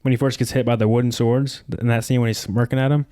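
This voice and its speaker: A man's voice: medium pitch, flat delivery, warm tone. A young man co-hosting a podcast, chatting casually about a movie he just watched, rambling and restarting his sentences. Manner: quick, rambling, lots of restarts. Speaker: podcast co-host. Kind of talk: casual movie reaction chat.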